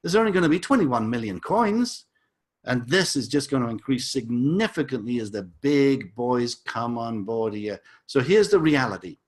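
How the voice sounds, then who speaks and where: A man's voice: mid-range voice, lively intonation, moderate pace. A man teaching a crypto lesson over a chart, enthusiastic and salesy, with frequent repeated words and asides. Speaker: crypto educator.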